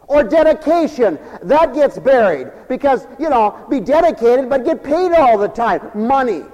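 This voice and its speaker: A man with a high voice preaches an emphatic, folksy sermon. He tells stories and calls for amens. His voice rings out with a long reverb, as in a large hall. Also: darkish tone.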